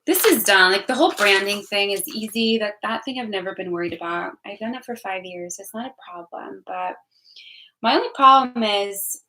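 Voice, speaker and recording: A young woman speaks candidly to her camera in a personal vlog. Her voice is bright and ringing, set at an ordinary middle pitch. She rambles emotionally, restarting sentences and repeating words as she goes. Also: normal speed, low-quality recording. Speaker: vlogger.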